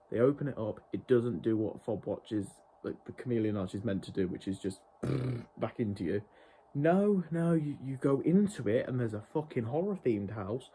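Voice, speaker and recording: A man's voice: medium pitch, mellow, a little hiss or hum. A man reviewing a TV show in an exasperated, profane rant. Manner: exasperated, heavily profane ranting. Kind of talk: ranting review vlog.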